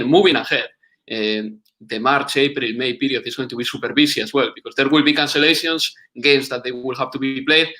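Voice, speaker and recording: Bright-voiced man, hesitant guest. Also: mid-range voice. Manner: thoughtful, pauses with many uhs. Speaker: podcast guest. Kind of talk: casual interview answers.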